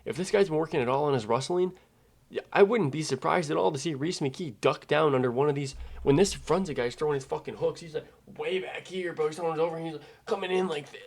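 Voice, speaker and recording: A man's voice: on the high side, fast talker, vocal fry. A man casually breaking down fights and making picks, profane and ranting, getting worked up as he argues. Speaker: MMA betting analyst.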